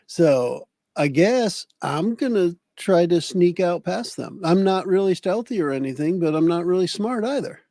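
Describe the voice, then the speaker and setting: A man with a high, gravelly voice plays a tabletop game, tossing off casual jokes. He is recorded close up and dry, with no room sound around him. His tone stays offhand and joking. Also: lively intonation, moderate pace, mellow, no room sound. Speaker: player.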